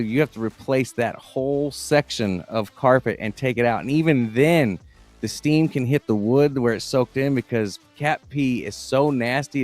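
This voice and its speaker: A man with an ordinary middle-pitched voice, talking loosely on a podcast. He curses constantly and trips over his words, restarting phrases as he piles on details. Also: a little mellow. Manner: profane, rambling, restarts words. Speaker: podcast co-host. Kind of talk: casual chat.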